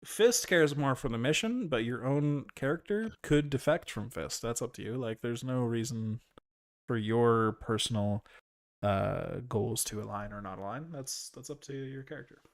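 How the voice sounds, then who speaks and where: A man narrating as game master of a tabletop role-playing game, relaxed, with many fillers and frequent laughs. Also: mid-range voice, normal speed, gravelly, no room sound, clean studio sound.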